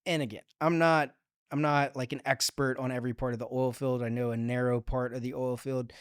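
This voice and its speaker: This podcast guest, a digital strategy manager, has a smooth, resonant voice at medium pitch and talks a little quickly. His words come out in long, upbeat, forward-looking runs full of fillers and false starts, though his delivery stays flat. The sound is close and dry, without any room tone.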